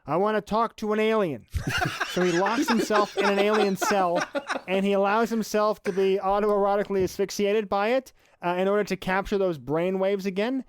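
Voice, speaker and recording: A man's voice: high-pitched, fairly even intonation, normal speed, clear, resonant tone. A man co-hosting a movie podcast, talking in a wry, sardonic way about a film. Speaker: podcast co-host. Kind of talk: casual film-critique chat.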